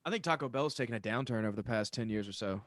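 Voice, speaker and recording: A man's voice: lowish voice, racing. Laid-back swearing podcast co-host, a man. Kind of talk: casual chat.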